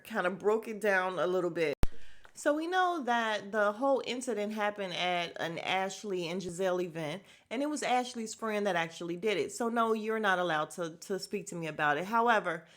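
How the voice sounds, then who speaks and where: A young woman hosts a casual podcast, animatedly recapping a reality show while laughing, swearing and mimicking the cast. Her voice is medium-pitched and a bit bright.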